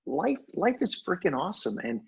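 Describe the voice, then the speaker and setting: An older man with a gravelly, husky voice tells stories as a podcast guest. His delivery is animated, with sudden lifts in pitch. The audio is dull and lo-fi. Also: moderate pace. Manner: animated storyteller, expressive pitch jumps. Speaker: guest, hypnosis trainer. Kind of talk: storytelling in conversation.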